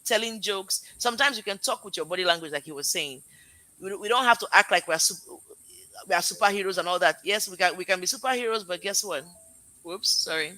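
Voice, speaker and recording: Bright-voiced woman host. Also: lowish voice, no room sound, poor audio. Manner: lively, laughs at her own jokes. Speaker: podcast host. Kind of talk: casual chat, summarizing the guest's points.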